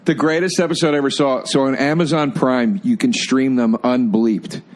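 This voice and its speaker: A man's voice: medium pitch, fairly even intonation, moderate pace. Eager man swapping stories, says dude. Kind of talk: casual storytelling chat.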